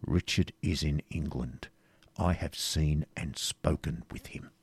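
A man's voice: on the low side, expressive, moderate pace, darkish tone, lightly acted. A man voicing a battle-worn knight in an audiobook reading, speaking in grave, blunt courtly phrasing. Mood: grim.

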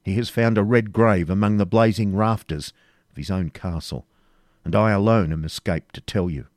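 Audiobook: male reader doing a grim, worn knight, grave and blunt, lowish voice. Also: moderate pace, darkish tone, dry recording, clean studio sound, natural voice. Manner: grave, blunt courtly speech. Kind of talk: audiobook character reading.

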